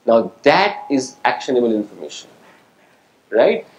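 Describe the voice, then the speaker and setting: A man's voice: medium pitch, very animated, measured pace. A man giving an interactive lecture to students as a guest speaker, quizzing the audience and often asking "right?" to check they follow. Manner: engaging, quizzes the audience and calls on people; asks "right?" to check understanding. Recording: echoey lecture hall.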